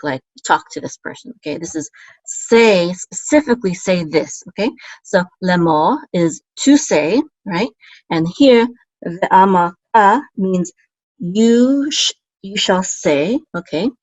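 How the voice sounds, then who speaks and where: A woman teaching a relaxed online language lesson, explaining patiently and often checking in with "okay?". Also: lowish voice, a little slow, no room sound. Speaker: Biblical Hebrew teacher. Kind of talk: casual screen-share lesson. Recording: dull, dry lo-fi sound.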